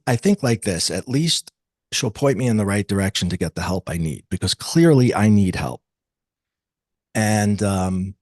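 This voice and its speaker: Low-voiced husky man telling his story. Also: a little mellow, no echo, clean studio sound. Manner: earnest, confessional, acts out dialogue. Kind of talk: personal storytelling.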